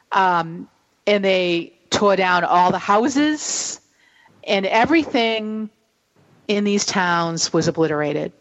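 A woman with a New England accent, co-hosting a casual chat and telling a local story in a chatty way. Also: medium pitch. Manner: chatty, laughs easily, slow deliberate storytelling. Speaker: co-host. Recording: dull lo-fi sound.

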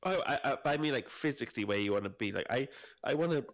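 A young man, co-hosting a podcast, chatting casually, reacting quickly and laughing a lot. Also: medium pitch, expressive, no echo. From Wales. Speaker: podcast co-host. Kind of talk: casual chat.

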